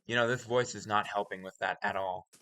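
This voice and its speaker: A man hosting a game let's play, talking in a deliberately calm, soft-spoken and musing way. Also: fairly low pitch. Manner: musing, introspective. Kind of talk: casual gameplay commentary.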